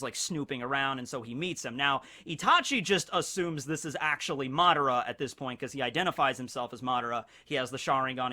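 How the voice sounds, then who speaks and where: A man hosting a casual anime discussion, excitable and rambling with many fillers. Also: medium pitch. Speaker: anime channel host.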